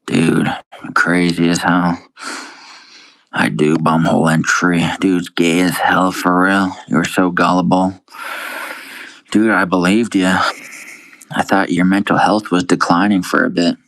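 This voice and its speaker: A man's voice: deep voice, level tone, slow pace, gravelly, pauses often, a bit bright, dry recording, rough recording. A young man on a casual livestream, reading viewer comments aloud and answering them with crude, profane, laid-back banter, calling everyone dude. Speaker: live streamer.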